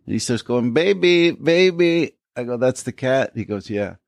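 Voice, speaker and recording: A man in loose, casual podcast chat, spinning long anecdotes and slipping into the voices of the people he quotes. His voice sits at a middling pitch. The sound is dry and close, with no room around it. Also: steady tone, a little fast, darkish tone, no room sound. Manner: rambling storyteller, acts out quoted people. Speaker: podcast co-host.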